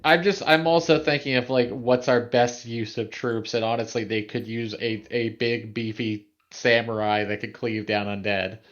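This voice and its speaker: A man at a tabletop game table weighs his options out loud in a plain, casual manner. His voice sits mid-range, and the audio is dull and lo-fi. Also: mid-range voice, steady tone, normal speed, few pauses. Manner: reasoning out loud, plain-spoken. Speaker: player.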